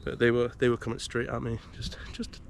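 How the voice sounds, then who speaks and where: A man's voice: medium pitch, level tone, a little fast, vocal fry, a little hiss or hum. A man from the UK, chatting casually to camera as a solo wild camping vlogger and explaining his gear step by step, recorded outdoors in a woodland. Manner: hushed, half-whispering. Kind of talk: casual vlog talk to camera.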